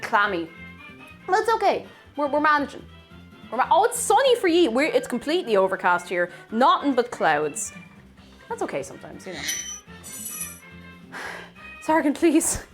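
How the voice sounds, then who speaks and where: A chatty woman runs a live stream from her home kitchen, baking and answering her chat as she goes. Her voice sits a little high and bounces all over the place. Faint music plays underneath. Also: sing-song, normal speed, long pauses.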